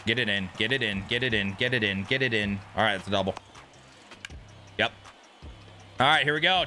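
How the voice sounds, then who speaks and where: A young man streaming a baseball video game, commenting casually, swearing and yelling at big plays. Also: fairly low pitch, normal speed, pauses often, soft background music. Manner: excitable, yells at big plays, swears, talks to chat. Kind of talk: live gameplay commentary.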